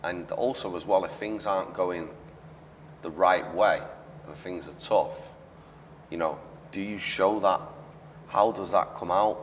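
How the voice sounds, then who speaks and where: A man's voice: deep voice, unhurried, a little hiss or hum. A man hosting a casual interview podcast, earnest and repeating phrases for emphasis. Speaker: podcast host. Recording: echoey room, distant mic.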